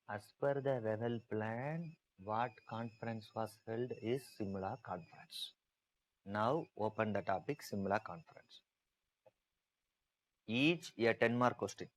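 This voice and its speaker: A man's voice: lowish voice, rough recording. A male teacher giving an online exam-prep lecture, repeating key points with emphasis and asking students to type their answers.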